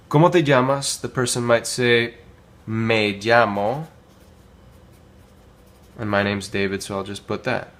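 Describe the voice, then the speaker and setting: A man teaching a casual language lesson, modelling phrases slowly with many pauses and filler words. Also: on the low side, a bit bright. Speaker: Spanish teacher.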